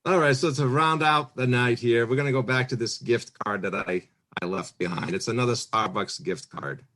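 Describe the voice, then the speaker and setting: A man's voice: medium pitch, a bit bright. Man calling an auction. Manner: brisk calls with friendly asides.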